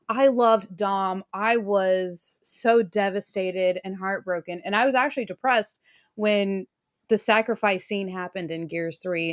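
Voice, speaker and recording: A young adult woman co-hosting a podcast, telling a story in an animated, excitable way and laughing often. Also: medium pitch, dry recording, clean studio sound. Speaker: co-host. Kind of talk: casual storytelling chat.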